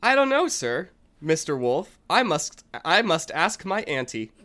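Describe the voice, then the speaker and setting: A man's voice: on the high side, sing-song, unhurried, pushed and bright, pitched above the performer's own voice, exaggerated voice. A man voicing a tiny, polite shepherd boy, speaking sweetly and politely.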